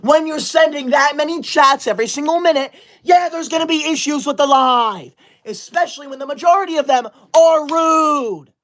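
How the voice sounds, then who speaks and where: A woman's voice: high-pitched, moderate pace. Indignant woman scolding her livestream chat. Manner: indignant, scolding chat, reading comments aloud. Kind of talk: casual live stream chat. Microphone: laptop setup.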